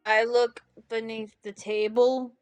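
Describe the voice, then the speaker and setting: A woman's voice: a little high, level tone, slow pace, faint music behind. A woman as a hesitant, polite player. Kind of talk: tabletop role-play.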